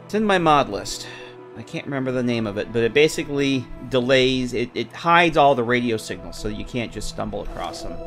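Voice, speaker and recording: A man's voice: medium pitch, lively intonation, a little fast, fairly bright tone, soft background music. A man casually streaming a game, rambling with lots of fillers and chatting with viewers. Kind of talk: casual live-stream commentary.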